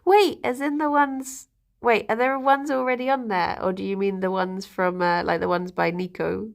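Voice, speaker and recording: A woman's voice: mid-range voice, fairly even intonation, moderate pace, creaky. A woman chatting casually on a live stream, rambling and giggling between fillers.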